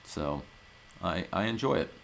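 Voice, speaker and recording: A man's voice: low voice, very animated, measured pace, creaky, fairly bright tone, slight background noise. A male podcast host from Ohio, ranting in a brash, profane, mock-indignant way in a casual comedic monologue.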